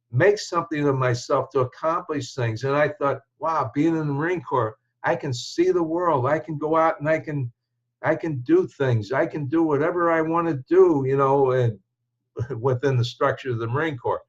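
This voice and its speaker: A man's voice: on the high side, dull audio. Older man telling a reflective life story. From United States. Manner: reflective, rambling, with restarts and chuckles. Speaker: show host telling his life story. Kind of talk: casual personal storytelling.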